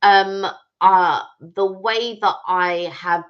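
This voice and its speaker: A woman's voice: mid-range voice, drawn-out words. A woman co-hosting a live stream, chatting casually and teasing her partner. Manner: teasing, animated. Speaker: channel co-host. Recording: dull lo-fi stream audio.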